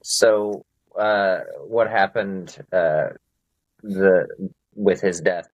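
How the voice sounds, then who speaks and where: A man's voice: low voice, drawn-out words, slight background noise, poor audio. A man hosting a podcast, asking questions and sharing his own experience in a sincere, affirming way. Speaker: podcast host. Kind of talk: conversational interview.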